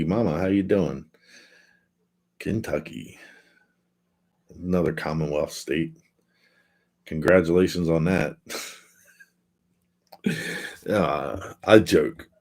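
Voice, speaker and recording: A man with a low voice and darkish tone runs a laid-back livestream indoors at home. He reads comments from viewers aloud and drifts through casual, rambling chat.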